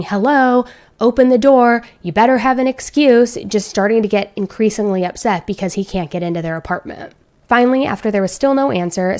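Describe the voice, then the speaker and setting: A woman's voice: medium pitch, darkish tone. A woman hosting a true-crime video, narrating a case in a chatty, conversational way.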